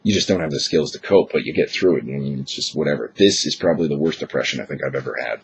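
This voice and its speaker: A man's voice: very deep voice, fast, creaky, lo-fi sound. A young man with a chest cold, rambling frankly and swearing freely in a casual vlog monologue. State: chest cold, unusually deep voice. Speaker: vlogger.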